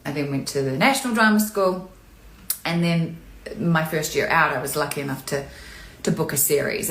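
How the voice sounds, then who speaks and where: A woman's voice: deep voice, fairly bright tone. Chatty woman acting coach, echoey room. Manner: candid, chatty, candidly emotional. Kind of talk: live-stream Q&A chat.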